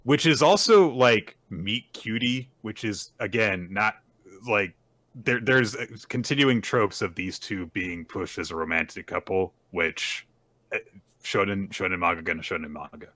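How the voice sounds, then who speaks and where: A man's voice: fairly low pitch, fairly bright tone, no echo. A man co-hosting a podcast, casually recapping manga chapters and laughing often. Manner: retells scenes with quick acted quotes, laughs often.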